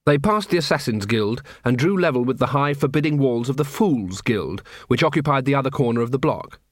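Guy reading an audiobook, mid-pitched, even and dry, close studio mic with no room. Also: dry recording. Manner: measured, dry storytelling. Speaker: audiobook narrator. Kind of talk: scripted narration.

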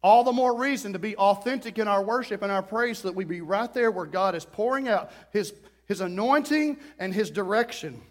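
A middle-aged man preaching a sermon, telling a story with lively, acted-out quotes and sudden outbursts. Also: high-pitched, a little fast. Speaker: pastor.

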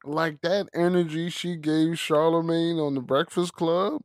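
Male podcast co-host, animated storyteller, slightly high voice, dry close mic. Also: measured pace, dry recording. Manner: animated storyteller who acts out quotes and laughs often. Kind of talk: casual chat.

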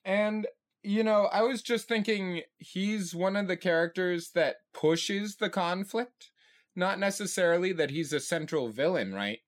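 A man's voice: sits high, measured pace. Man musing aloud, tossing in "right?". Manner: thinking aloud, many "right?" tags. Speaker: podcast co-host. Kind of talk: casual chat.

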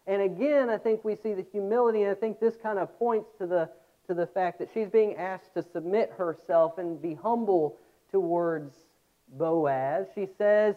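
A man's voice: sits high, moderate pace. Earnest man preaching, tinny sound. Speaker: pastor. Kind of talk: sermon.

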